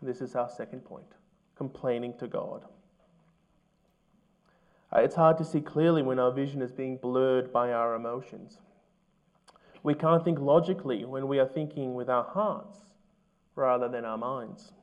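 A man preaching a sermon as pastor, earnest and measured, asking his listeners questions. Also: medium pitch, highs cut off.

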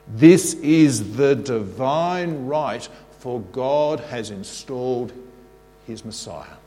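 A man preaching a sermon, animated and leading the congregation in call-and-response. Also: mid-range voice, slow, soft background music. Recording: long reverb of a large hall.

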